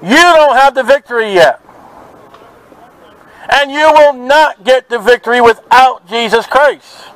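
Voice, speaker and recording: A man's voice: very high-pitched, unhurried, long pauses, a bit bright, rough recording. A man preaching fervently outdoors at a market, quoting scripture in an open-air sermon. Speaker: street preacher.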